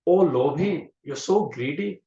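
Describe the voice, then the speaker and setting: A man voicing a mother who scolds her child lovingly, at a slightly raised pitch. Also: lively intonation, unhurried, warm tone. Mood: chiding. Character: scolding mother, affectionate but stern. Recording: echoey room, dull lo-fi sound.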